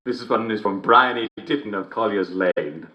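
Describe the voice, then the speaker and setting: A man's voice: lowish voice, unhurried, pushed and bright, lo-fi sound. An actor playing a jovial English radio show host in a game, chuckling constantly as he reads out jokes. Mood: jolly. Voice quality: constant chuckling, theatrical cheer. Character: jovial radio show host, male middle-aged, relentlessly cheerful. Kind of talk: game character radio broadcast. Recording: game dialogue recording.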